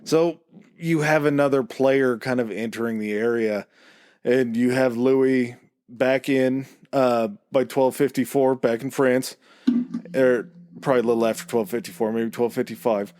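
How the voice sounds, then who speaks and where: A man on a podcast telling the history story in a relaxed, hedging way. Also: mid-range voice, normal speed, no room sound, clean studio sound.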